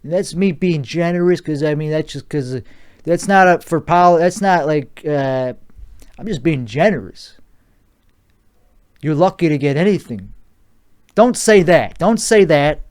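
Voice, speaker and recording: A man's voice: fairly high pitch, normal speed, a little mellow. A man hosting a solo podcast, rambling through a crude comedic riff with restarts and swearing. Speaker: podcast host.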